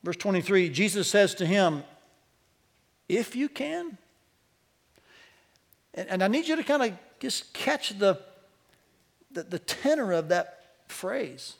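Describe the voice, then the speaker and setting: Guy preaching in church, pretty high voice, gets loud and lively on the quotes. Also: measured pace. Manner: animated preaching, voice rising for quoted lines. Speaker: pastor. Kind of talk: sermon. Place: church sanctuary.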